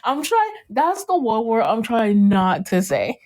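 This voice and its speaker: Animated, laughing young woman host. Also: a little high, unhurried. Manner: animated storytelling, breaks into laughter, acts out scenes. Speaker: podcast host. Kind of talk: casual chat.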